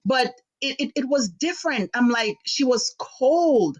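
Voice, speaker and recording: A middle-aged woman from Jamaica, hosting a live online talk show, recounts a family story at length. Her voice sits fairly high and swings widely as she quotes people and grows indignant. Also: measured pace, lo-fi sound. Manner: animated, acts out voices in quotes, rising to sharp indignation. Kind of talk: personal storytelling on a live stream.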